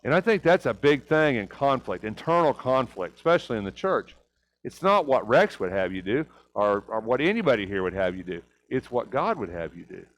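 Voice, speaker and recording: A man's voice: medium pitch, sing-song, brisk, rough recording. A man teaching a church Bible class, asking rhetorical questions and often checking in with "right?".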